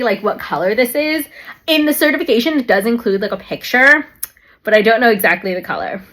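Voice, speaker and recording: A young woman in her twenties talks through an unboxing in a chatty vlog voice. Her pitch sits a little high and swings widely as she gushes, and she fills her speech with "like" and "um". At times she sounds teary with excitement. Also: brisk. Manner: gushing and excitable, lots of fillers like "like" and "um". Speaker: luxury handbag vlogger.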